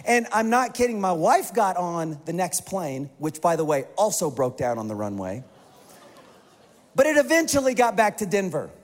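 High-voiced pastor in a reverberant hall. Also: male voice. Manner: animated, self-mocking storytelling with quick bursts. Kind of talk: storytelling sermon. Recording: long reverb of a large hall.

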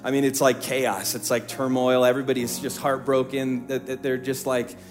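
A middle-aged male pastor preaching a sermon from a church stage, telling a story in hushed tones and rising into emphatic preaching. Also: mid-range voice, flat delivery, normal speed, faint music behind.

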